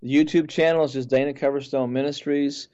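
A man's voice: mid-range voice, steady tone, brisk, a little mellow, dull audio. A man who is a pastor and a guest on the show, speaking earnestly and often repeating words as he talks. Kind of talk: sermon-like testimony.

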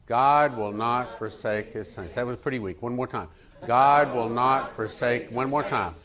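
A man's voice: medium pitch, unhurried, a bit bright. Earnest preaching man. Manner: earnest preaching, calls the congregation to repeat lines. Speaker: pastor. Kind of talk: sermon with prayer. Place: church.

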